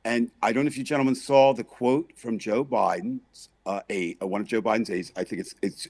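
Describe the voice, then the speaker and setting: A man hosting a comedic political chat show, loudly mocking and exasperated as he rants. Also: medium pitch, fairly quick, slightly rough, no room sound. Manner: loud, mocking, exasperated ranting. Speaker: podcast host.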